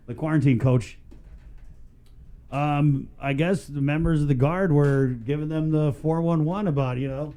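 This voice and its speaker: A man's voice: on the high side, fairly even intonation, unhurried, long pauses, warm tone. A man hosting a casual morning radio show, joking and chatting before taking calls.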